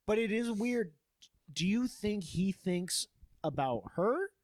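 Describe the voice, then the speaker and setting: A man's voice: sits high, expressive, slow, dry recording. A man co-hosting a podcast, talking playfully with many trailing fillers. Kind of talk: casual podcast banter.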